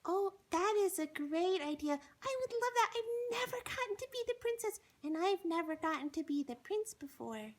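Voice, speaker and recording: Casting: a woman as a very high-pitched, excitable puppet critter with a lively, bouncy voice. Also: normal speed, hardly any pauses. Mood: eager. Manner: eager, bouncy. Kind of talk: kids show puppet play.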